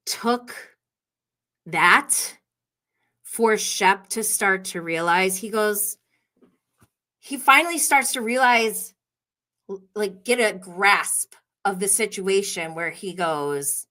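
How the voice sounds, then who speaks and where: A woman's voice: mid-range voice, slow, pauses often, sharp tone. A woman hosting a podcast livestream, chatting casually and gossiping, laughing often as she tells stories. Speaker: podcast host.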